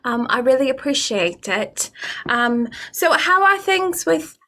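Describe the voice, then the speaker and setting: A woman's voice: sits high, big pitch swings, a bit bright, heavily acted. A woman playing a gushing, overly sweet lady. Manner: sweet, slow, politely gushing. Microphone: video call.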